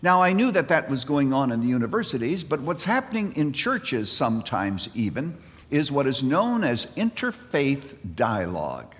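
A man in his seventies delivers a sermon to a conference crowd, his pitch rising and falling in wide, lively arcs. He tells stories with easy comic timing before he turns serious. His voice rings out with the long reverb of a large hall. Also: moderate pace. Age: 70s. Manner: animated storyteller with comic timing. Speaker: conference speaker. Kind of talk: sermon with jokes.

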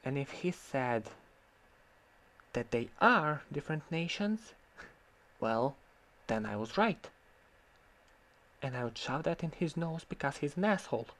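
A man's voice: fairly high pitch, expressive, a little slow, long pauses, a bit bright. Heated man ranting. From Croatia. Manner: heated, sarcastic, swears freely. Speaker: vlogger. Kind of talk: ranting commentary on an online argument.

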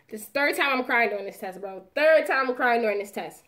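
Animated young woman telling a story. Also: a little high, moderate pace. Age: young adult. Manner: animated, dramatic storytelling with slangy asides. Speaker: vlogger. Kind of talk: casual storytime.

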